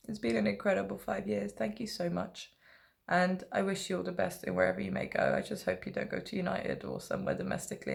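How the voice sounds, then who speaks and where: A young woman chatting into her vlog in a relaxed, rambling way, stopping often for fillers and asides. Her voice sits on the low side with a gravelly edge. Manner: rambling, laid back, many fillers. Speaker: football fan vlogger. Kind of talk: casual vlog chat.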